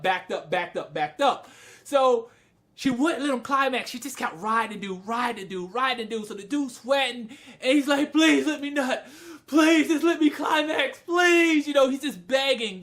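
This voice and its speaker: A man casually reviewing anime on camera, telling scenes in an animated way, laughing and breaking into loud, high yelling. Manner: frequent swearing and laughter.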